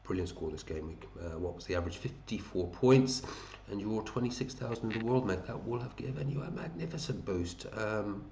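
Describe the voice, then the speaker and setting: Man, deep voice, casual matey commentary, echoey room. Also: expressive, brisk, hardly any pauses, a little mellow, a little hiss or hum. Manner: chatty, matey, thinks aloud, hums to himself. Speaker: fantasy football league host. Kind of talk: casual commentary over a screen.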